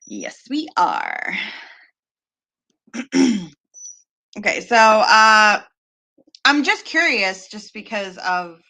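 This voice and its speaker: A bright, clear-toned woman with a Pennsylvania accent chats casually to her livestream viewers. She talks in an easy, rambling way, full of ums and quick laughs. Her pitch sits a little low for a woman. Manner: chatty, laughs often, many fillers. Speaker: livestream host. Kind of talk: casual chat during a writing livestream.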